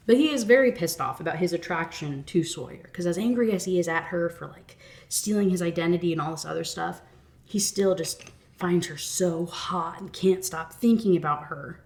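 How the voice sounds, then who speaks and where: A young woman retelling a dark romance novel in a loose, chatty rant. She swears freely, peppers everything with "like", and her voice sits a little low for a woman. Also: normal speed. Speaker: book reviewer. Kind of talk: casual rant review.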